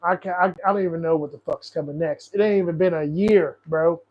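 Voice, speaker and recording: Man, high voice, profane frustrated rant, rambling livestream host, dull lo-fi audio. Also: fairly even intonation, a little fast. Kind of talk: casual political commentary livestream.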